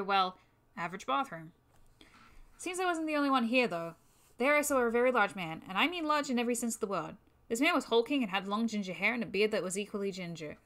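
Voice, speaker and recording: A woman's voice: a little high, a bit bright. Woman reading a story on a livestream. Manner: casual, with swearing asides. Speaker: reader of a fan-made game story. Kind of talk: reading fan fiction on a livestream. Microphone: new microphone.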